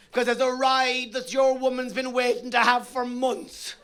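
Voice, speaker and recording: High, rowdy Irish comedian. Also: male voice, completely flat delivery, measured pace, fairly bright tone, smooth. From Ireland. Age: middle-aged. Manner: bawdy, rowdy storytelling, bellows punchlines. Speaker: stand-up comedian. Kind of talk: stand-up comedy routine. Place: theatre stage.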